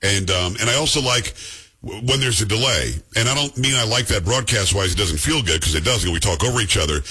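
A middle-aged man hosting a talk radio show, chatting casually and joking in quick asides from the studio. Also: lowish voice, lively intonation, pushed and bright, slightly rough.

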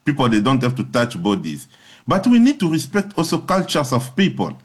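Man, earnest and emphatic, interview answers, mid-pitched voice. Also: huge pitch swings, brisk, breathy edge. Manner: earnest, emphatic, repeating phrases in lists. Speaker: public health agency head.

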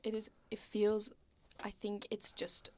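A young woman chatting casually and asking questions, filling her talk with "like" and trailing off softly at times. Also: mid-range voice, completely flat delivery, unhurried, dry recording. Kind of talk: casual chat.

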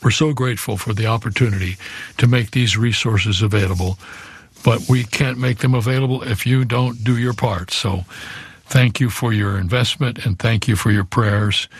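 A man preaching as a radio pastor, earnest and steady, with a chuckle now and then. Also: fairly low pitch, moderate pace, long reverb tail. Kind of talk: radio sermon.

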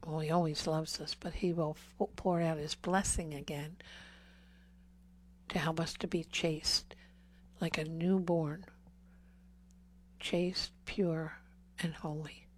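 This time her voice sounds deep, and she takes it slowly, pausing often, her intonation fairly even. Speaking at the healing service, she addresses the congregation earnestly on Catholic themes, pleading with repeated questions and whispering key words.

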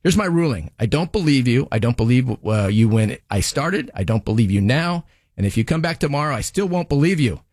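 A man's voice: medium pitch, lively intonation, brisk, darkish tone, no echo, studio quality, close to an everyday voice. A man doing a scolding sarcastic TV judge. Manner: sarcastic, scolding, mocking the defendant. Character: stern, scolding female TV judge handing down rulings. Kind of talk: comedic courtroom monologue.

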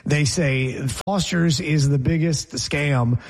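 A man co-hosting a casual talk show, telling jokey stories with a husky voice. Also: a little high, slow pace. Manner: joking, storytelling. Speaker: co-host. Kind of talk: casual banter.

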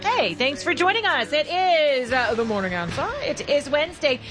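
A woman's voice: high-pitched, animated, normal speed, over music. Chatty woman hosting morning radio. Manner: chatty, laughs at herself, bubbly. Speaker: radio talk show host. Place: radio studio.

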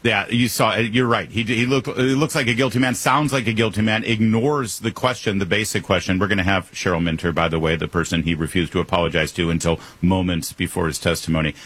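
A man's voice: deep voice, fairly even intonation, fast, few pauses, fairly bright tone, breathy edge, no echo. A man hosting a talk radio show, interviewing a guest with emphatic opinions and frequent restarts.

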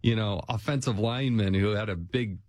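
A man with a fairly low voice hosts a casual interview, speaking conversationally and reflectively. The sound is close and dry, as if recorded in a treated studio. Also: fairly quick, a little mellow, no echo.

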